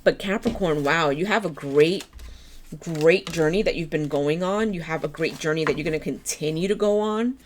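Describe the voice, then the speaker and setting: A woman giving a tarot reading in a gentle, encouraging way, her voice slightly hoarse. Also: low voice, normal speed, slight background noise. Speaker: tarot reader.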